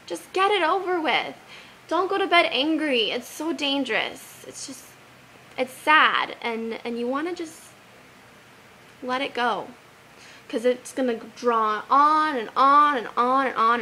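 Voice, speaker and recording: A young woman giving earnest advice in a casual vlog, animated and sincere, quoting scripture now and then. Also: on the high side, normal speed, a little hiss or hum, low-quality recording. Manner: earnest, animated, quotes Bible verses.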